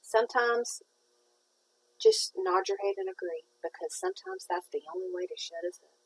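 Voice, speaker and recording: A woman's voice: on the high side, very animated, normal speed, creaky, husky, poor audio. A woman, chatting casually and rambling in a folksy way while she works on a craft project. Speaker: craft vlogger.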